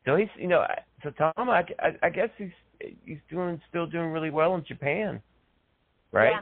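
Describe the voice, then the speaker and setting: A man's voice: a little high, lively intonation, moderate pace, gravelly, dry recording. A man hosting a casual chat, enthusiastic and laughing often. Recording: dry, phone-like sound.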